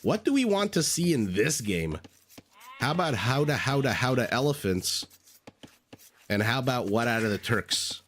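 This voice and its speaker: A man's voice: mid-range voice, very animated, moderate pace, fairly bright tone, slight background noise. A man recovering from a cold, chatting through live game commentary, thinking aloud and greeting viewers. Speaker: game caster. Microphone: desk microphone.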